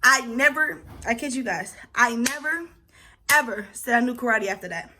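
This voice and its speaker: A young woman vlogger telling a personal story in a casual, animated and profane way, acting out scenes as she goes. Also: a little high, normal speed, noisy background.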